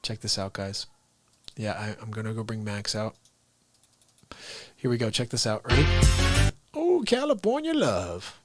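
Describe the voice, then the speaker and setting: A man's voice: on the low side, level tone, moderate pace, pauses often, a bit bright, faint music behind. A man hosting his daily live stream, ranting casually and talking straight to his viewers. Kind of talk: unscripted live-stream chat.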